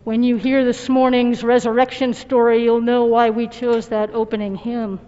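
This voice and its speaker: A woman's voice: a little high, level tone, moderate pace, warm tone, clean tone, soft background music. A woman pastor giving a sermon in an earnest, reflective and personal way. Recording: dull recording with long hall reverb.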